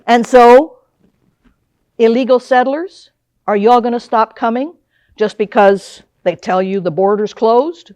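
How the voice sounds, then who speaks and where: Older woman giving a lively lecture. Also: on the high side, a little slow, dry recording. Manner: lively, asks the audience questions. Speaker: history lecturer. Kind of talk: public history lecture. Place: lecture hall.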